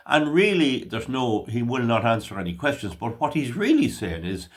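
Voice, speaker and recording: Older Irish man, vlog political commentary, emphatic and ranting, pitch swings widely. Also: sing-song, moderate pace, hardly any pauses. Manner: emphatic, opinionated ranting delivery.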